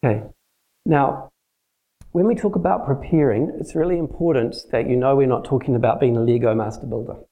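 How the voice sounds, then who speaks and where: A man's voice: medium pitch, brisk, phone-quality sound. A man teaching a church group in a plain, conversational sermon, using practical everyday examples. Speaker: church teacher leading a prayer session.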